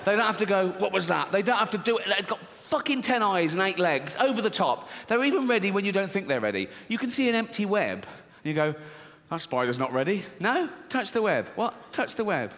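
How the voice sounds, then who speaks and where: A middle-aged man doing stand-up comedy, deadpan and swearing, acting out squeaky voices in a theater. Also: brisk, long reverb tail. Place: large theater with audience. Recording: live theater, audience laughter.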